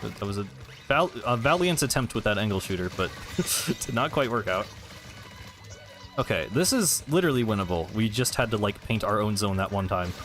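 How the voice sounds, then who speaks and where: A man's voice: fairly low pitch, big pitch swings, brisk, fairly bright tone, faint music behind. Laid-back man chatting while gaming. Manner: rambling, hesitant, answers chat between plays. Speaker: streamer. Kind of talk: casual gameplay stream chat.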